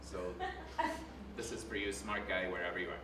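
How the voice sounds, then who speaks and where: A man's voice: sits low, steady tone, brisk, pushed and bright, recorded from a distance, a little hiss or hum. A man from Denver performing a live mentalism act on a thrust stage, with dry, wisecracking asides and a conversational stage patter. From Denver, USA. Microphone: room pickup after his microphone failed. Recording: echoey theater from afar, music behind.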